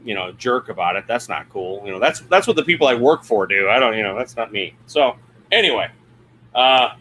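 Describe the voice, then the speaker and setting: A man's voice: mid-range voice, lively intonation, brisk, bright, forceful tone, slight background noise. A man hosting a casual livestream from his camper, rambling, laughing at himself and reading chat comments aloud. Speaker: livestream host. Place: RV camper interior at a campground.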